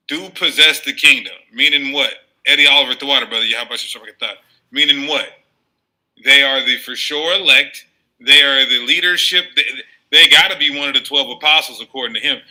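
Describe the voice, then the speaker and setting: Male video commentator, loose animated delivery, very bright timbre. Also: mid-range voice, normal speed, poor audio. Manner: laughing, stumbling, loose and animated. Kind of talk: casual commentary.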